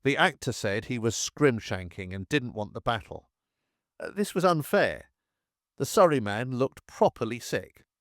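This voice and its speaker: A man narrating a First World War memoir in a measured, steady reading style. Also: mid-range voice, no room sound, studio quality.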